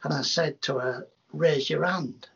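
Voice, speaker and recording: A man, a hypnotherapist, telling rambling, animated anecdotes in a casual interview, with many restarts. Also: fairly high pitch, unhurried, gravelly, husky. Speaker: hypnotherapist guest. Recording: dull lo-fi sound.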